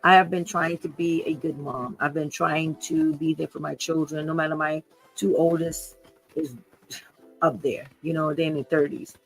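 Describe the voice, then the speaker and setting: A woman's voice: low-pitched, level tone, normal speed, gravelly, faint music behind, low-quality recording. A woman in her fifties hosting an unscripted livestream podcast, talking in an earnest, emotional way and often repeating herself. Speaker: podcast host.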